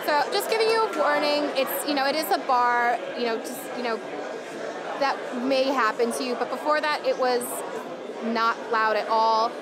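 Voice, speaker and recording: In a noisy, crowded hotel rooftop bar, a young female travel vlogger with a high voice chats at a moderate pace. She gushes enthusiastically while sampling food and drinks for a casual food-and-travel vlog, with loud crowd chatter behind her.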